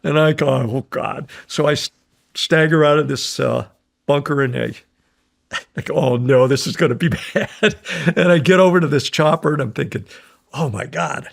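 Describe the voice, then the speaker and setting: Older american guy with a gravelly voice, rambling through war stories, keeps chuckling and doing the other guys' voices. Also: fairly high pitch, moderate pace. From United States. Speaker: guest, war veteran. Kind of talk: casual storytelling.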